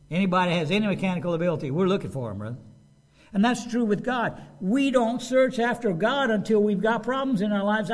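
Pastor, male, casual and animated sermon delivery, slightly high voice with a lively pitch. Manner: animated, conversational, acts out quotes.

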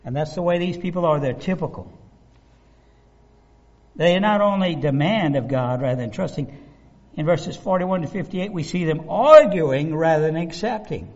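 A man preaching a sermon, animated and conversational, acting out the voices of the people he describes. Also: on the high side, normal speed. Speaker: pastor. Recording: dull lo-fi recording.

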